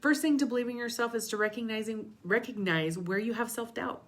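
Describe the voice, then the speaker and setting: A woman's voice: a little high, a little fast. A woman coaching listeners in a casual motivational talk, candid and a little profane, sometimes dropping to a whisper for emphasis. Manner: candid, casual, mild swearing, drops into whispers. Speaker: self-help coach.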